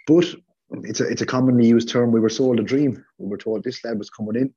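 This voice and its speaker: Guy ranting on a football podcast, dark low voice, kinda lo-fi sound. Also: fast talker, husky. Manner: animated, sarcastic, swears. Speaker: podcast co-host. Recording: slightly dull lo-fi audio.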